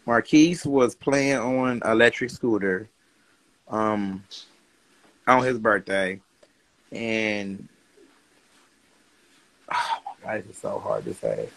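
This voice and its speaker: A man's voice: fairly low pitch, big pitch swings, slow pace, vocal fry, pauses often, fairly bright tone, slight background noise, low-quality recording. A man chatting casually on a livestream, laughing often and reading viewer comments aloud in a loose, rambling, profane way.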